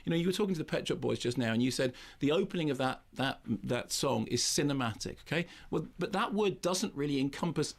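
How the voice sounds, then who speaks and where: Man, film critic, interview, rapid excitable delivery, gravelly edge, slightly high voice. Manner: rapid, excitable storytelling with acted-out exclamations. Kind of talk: animated anecdotal interview talk.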